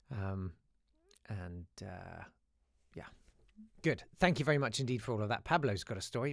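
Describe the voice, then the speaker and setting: A British man hosting a casual live podcast, telling animated stories and reading listener emails. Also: lowish voice, slow, gravelly, pauses often, no room sound, studio quality. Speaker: host.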